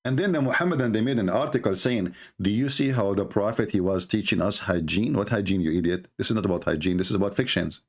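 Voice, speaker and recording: A man's voice: lowish voice, quick pace, few pauses. A man giving a sarcastic, mocking monologue as a religious debater, full of scornful rhetorical questions.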